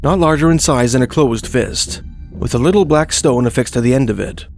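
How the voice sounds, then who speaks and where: A man narrates folklore history in a steady, scripted manner, his voice gravelly with fry. His pitch sits in the middle range. Faint music plays beneath him. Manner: measured, reads quoted historical passages.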